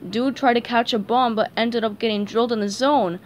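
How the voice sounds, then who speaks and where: A woman's voice: a little high, steady tone, brisk, slight background noise, lightly acted. A woman reading a storybook aloud, voicing a big, serious male lobster lifeguard who talks blunt surfer slang.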